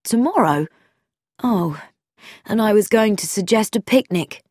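A woman's voice: medium pitch, expressive, a little slow, a little mellow, slightly rough, no room sound, clean studio sound, voice pushed up. A woman voicing an earnest, loyal young man, the son of a vicar, speaking plainly and frankly in a storybook reading. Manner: plain, frank, self-deprecating.

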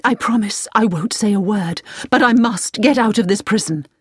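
A woman's voice: medium pitch, moderate pace, breathy edge, no room sound, clean studio sound, pitched above the performer's own voice, natural voice. A woman voicing a frightened young woman who pleads urgently to be freed from captivity. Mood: desperate pleading.

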